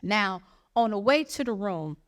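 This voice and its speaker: A woman's voice: medium pitch, a little slow, slight background noise. Brash profane woman comedian. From Jackson, Michigan, USA. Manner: brash, profane, animated storytelling with acted quotes. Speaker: stand-up comedian. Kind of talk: stand-up storytelling.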